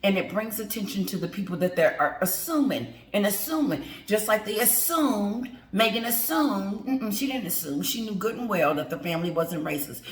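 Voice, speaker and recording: A woman's voice: mid-range voice, expressive, normal speed, few pauses. Sassy ranting middle-aged woman, echoey room. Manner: sassy, emphatic, talks straight to viewers and greets them. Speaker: commentary vlogger. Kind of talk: opinion rant to viewers.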